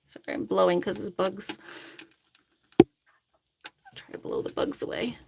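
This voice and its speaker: A woman's voice: medium pitch, a little slow, creaky, very noisy. A woman chatting casually and coaxing her chickens to drink by their coop outdoors, laughing often. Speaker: chicken keeper vlogger.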